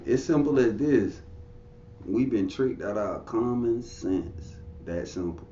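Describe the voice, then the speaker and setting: A man's voice: on the low side, lively intonation, a little slow, dark tone, echoey room, dull audio, a little hiss or hum. A man giving an interview, telling stories in a blunt, profane, preachy way. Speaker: interview guest. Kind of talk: casual conversational storytelling.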